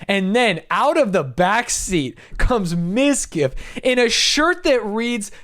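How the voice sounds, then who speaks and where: Animated, swearing young streamer guy. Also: sits high, slow. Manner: animated, swearing, self-mocking. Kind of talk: storytelling while reacting to a video.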